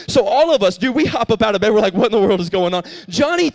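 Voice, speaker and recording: A young man delivers a youth sermon in a high, light voice. He tells a story with animated energy, pushing his voice up when he acts out the characters, then drops into earnest preaching. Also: fast talker. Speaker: youth pastor.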